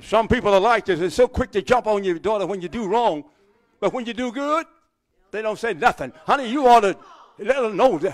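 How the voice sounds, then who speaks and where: A middle-aged man preaching a sermon from a church pulpit, calling for amens and rising to shouts. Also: sits high, animated, fast, some chatter behind. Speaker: pastor.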